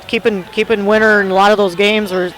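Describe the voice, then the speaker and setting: A woman with a Midwestern American accent giving color commentary at a basketball game, chatty and relaxed. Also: mid-range voice, brisk, slight background noise, rough recording. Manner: chatty, relaxed, adds side remarks. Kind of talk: casual sports chat.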